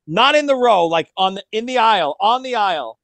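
A man in a casual chat, excitedly chiming in with his own details of a shared story. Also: high voice, brisk. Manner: excited, chimes in, adds details.

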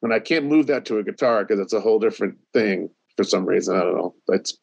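A man, a recording engineer and interview guest, talking in a hesitant, halting way. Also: on the low side, vocal fry, darkish tone, breathy edge, no echo, muffled recording. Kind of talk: casual interview chat.

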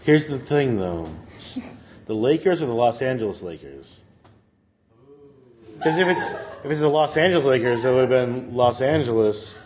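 A man co-hosting a comedy podcast, telling stories in a lively, swearing, animated way and mimicking other people. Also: medium pitch, moderate pace, long pauses, a little hiss or hum. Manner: animated storytelling, swearing, mock voices. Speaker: podcast co-host. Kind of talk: casual comedic podcast banter.

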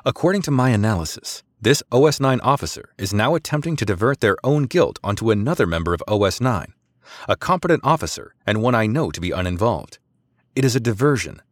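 A man's voice: mid-range voice, no echo, studio quality, pitched above the performer's own voice. A man voicing a formal, coolly confident female naval lieutenant in an audiobook, in a raised, precise voice.

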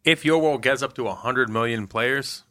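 A man's voice: medium pitch, normal speed, a bit bright, dry recording, clean studio sound. A man co-hosting a casual podcast, joking around and reading listener messages aloud with wry asides. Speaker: co-host answering player questions. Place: Canada.

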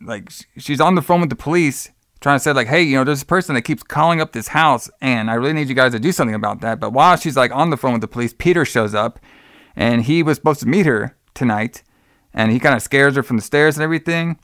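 A man's voice: medium pitch, fast talker, fairly bright tone, no echo, studio quality. A man co-hosting a casual podcast, retelling a horror film in a loose, rambling way, swearing freely and acting out the characters' lines. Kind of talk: casual chat.

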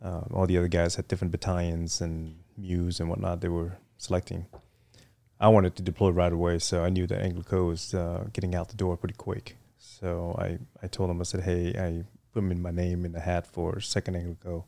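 A man's voice: deep voice, completely flat delivery, brisk, vocal fry, warm tone, no echo. A middle-aged man, a guest in a casual interview, telling stories with lots of fillers and restarts. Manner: rambling, many fillers and restarts. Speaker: guest, retired Marine officer.

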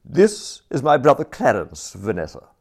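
A man's voice: medium pitch, wildly swooping pitch, normal speed, voice pushed up. A man voicing a domineering aristocratic older woman who speaks tartly and scolds. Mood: imperious. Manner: sharp, scolding.

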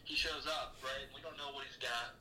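A man's voice: mid-range voice, steady tone, moderate pace, sharp tone. A man co-hosting a casual film podcast with dry, wry asides. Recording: distant, noisy audio.

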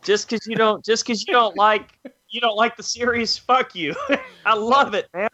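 A man's voice: high voice, moderate pace, sharp tone, muffled recording. A man hosting a casual podcast, exclaiming, laughing often and swearing freely. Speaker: podcast host.

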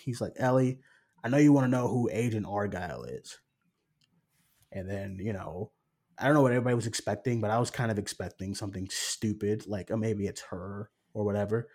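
A man's voice: fairly low pitch, fairly quick, a little mellow. A young man co-hosting a film review podcast, telling a story animatedly, swearing freely and acting out his own reactions. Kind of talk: casual chat.

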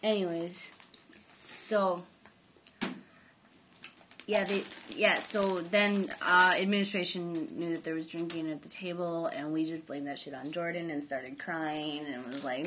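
A teenage girl in her last year of high school, co-hosting a casual video chat, rambling and giggling with lots of "like". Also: expressive, a little slow, a bit bright, slight background noise. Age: high school senior, late teens. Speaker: vlog co-host.

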